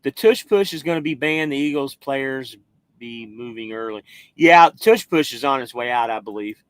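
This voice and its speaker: A man's voice: mid-range voice, lively intonation, moderate pace, a bit bright, clean tone, dry recording. An American man hosting a trucking live stream, chatting casually and rambling while he reads viewer comments. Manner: loose, rambling, swears casually. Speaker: trucking livestream host.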